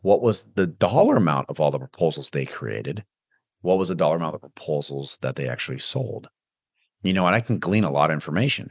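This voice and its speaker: A man's voice: low voice, husky, dry recording, clean studio sound. A man hosting a podcast, coaching listeners on hiring and training sales reps in an emphatic, direct way. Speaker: podcast host. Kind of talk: casual business advice monologue.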